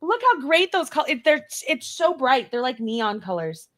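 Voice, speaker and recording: A chatty woman hosting a casual talk show, laughing easily as she goes. Her voice is bright and a little high. The sound is dry and close to the mic. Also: very animated, normal speed, no echo. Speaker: podcast host. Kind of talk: casual chat.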